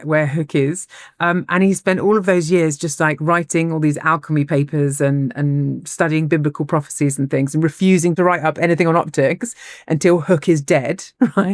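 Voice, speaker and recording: Low-voiced woman telling a story. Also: no echo, clean studio sound. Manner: animated, laughs often, frequent restarts. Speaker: podcast co-host. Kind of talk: casual storytelling chat.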